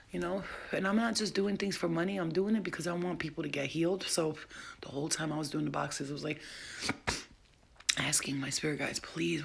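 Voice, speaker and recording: A woman's voice: low voice, creaky, fairly bright tone, slightly rough. A woman who sells spiritual healing boxes, chatting casually and affectionately on a late-night livestream from home, full of slang and swearing.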